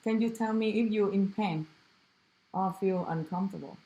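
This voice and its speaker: A woman with a Vietnamese first language, narrating a clinical exam demonstration as a student, halting, with many fillers and self-corrections. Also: mid-range voice, mellow.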